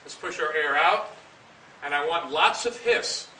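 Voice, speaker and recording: A man leading a band through a breathing warm-up as director, explaining each step and then calling the counts out loudly and firmly. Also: fairly high pitch, expressive, measured pace. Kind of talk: instructional coaching with counted exercises. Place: large rehearsal room with a band. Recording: echoey room, far from the mic, audible hiss.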